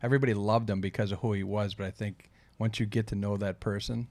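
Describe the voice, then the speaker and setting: A man's voice: fairly low pitch, fairly even intonation, fast talker, a little mellow, no room sound. A man co-hosting a podcast, chiming in with short agreeing remarks in casual chat. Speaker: podcast co-host.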